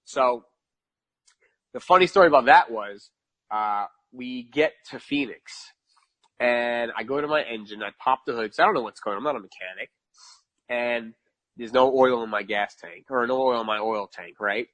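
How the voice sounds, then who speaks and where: A man from New York chats as a podcast guest, spinning a long story with lively emphasis. He often repeats phrases and laughs at his own bad luck. His voice sits in a middle pitch, and the recording is dry and close. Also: normal speed, dry recording. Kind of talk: casual storytelling.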